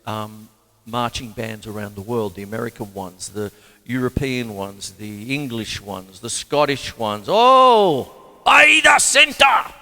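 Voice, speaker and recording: A man's voice: on the low side, fairly even intonation, a little slow, fairly bright tone. A man hosting a casual drum lesson, who talks in a rambling, chatty, self-deprecating way. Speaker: drum teacher and show host. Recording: long hall reverb, faint drums.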